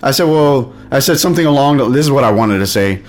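A man's voice: medium pitch, expressive, fast talker. A man ranting in a casual, heated way, rambling and swearing often. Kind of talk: casual profane rant.

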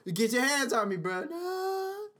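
A man's voice: high-pitched, animated, unhurried, bright, forceful tone. A man hosting a casual solo podcast, rambling profanely and slipping into sing-song freestyle rap into a podcast mic. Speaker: podcast host.

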